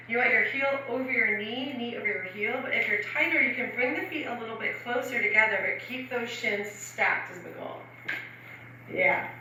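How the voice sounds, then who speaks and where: Chatty woman stretch coach, bright voice, heard from across an echoing room. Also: a little high, a little hiss or hum. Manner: chatty, laughs often, filler-heavy. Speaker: stretching instructor. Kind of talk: casual instruction. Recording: roomy echo from far off.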